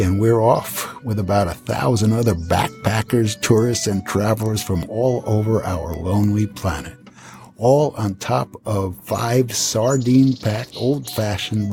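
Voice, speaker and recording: A man's voice: on the low side, dark tone. A man in his seventies telling a travel story from his past, with wry, dry asides. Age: 70s. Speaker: podcast host.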